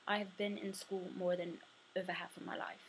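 A young woman chatting casually to camera, answering questions for a tag video, sometimes dropping to a soft murmur. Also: fairly low pitch, little pitch movement, a little fast, a little hiss or hum, low-quality recording. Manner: chatty, drifting between soft murmurs and bright bursts.

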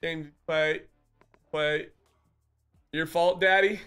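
A man talks with viewers on a live stream in a high, bright voice, teasing and laughing as he goes. He takes his time over his words, and soft music plays faintly behind him. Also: steady tone, extremely slow, smooth. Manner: playful joking banter, laughs often.

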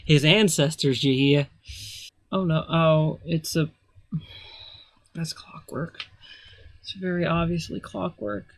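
A man's voice: on the high side, slow, gravelly, pauses often, fairly bright tone, no echo. A man giving casual gameplay commentary as a let's player, rambling with sarcastic asides.

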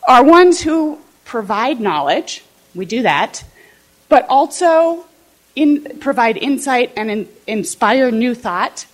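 A political science professor from southern Illinois, USA, a woman, gives a conversational talk to fellow teachers and often checks in with the audience. Her voice is on the high side, sing-song, and slow.

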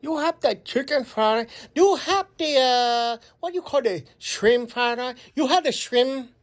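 A man's voice: very high-pitched, expressive, unhurried. A man playing a fussy restaurant customer phoning in an order, with a put-on Chinese accent and broken, haggling grammar. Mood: complaining. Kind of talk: comic phone order role-play.

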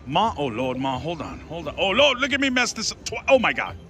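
Excitable man narrating slots in a casino. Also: fairly high pitch, a little fast. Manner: excitable, keeps calling out to viewers and his mom, frequent "oh Lord". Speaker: casino slot vlogger. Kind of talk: casual running commentary while playing slots. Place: casino floor. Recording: casino floor with loud music. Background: slot machine music.

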